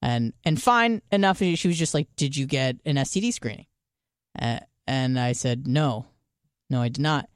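A woman with a bass voice speaks at a moderate pace and a clean tone as a podcast co-host, telling a story in a casual comedic style. She's animated and profane, swearing freely and acting out both sides of the dialogue. The studio sound is clean, with no room sound.

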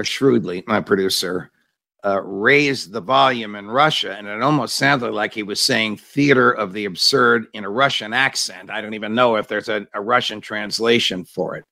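Man, talk show host, gravelly, forceful, pointed questions, dry close sound. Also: fairly low pitch, no echo.

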